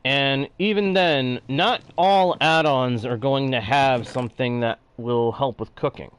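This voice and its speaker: A man's voice: medium pitch, unhurried, clean tone. A man with a Texan-sounding drawl, live-streaming a block-building game and chatting with viewers as he explains his build step by step. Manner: talks through building steps, reads chat aloud. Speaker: gaming streamer.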